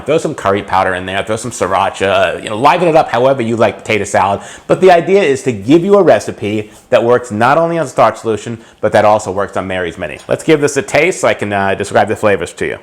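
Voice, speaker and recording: A man's voice: mid-range voice, lively intonation, fast talker, few pauses. A man hosting a cooking video, casually explaining a recipe step by step and then tasting it. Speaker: cooking channel host.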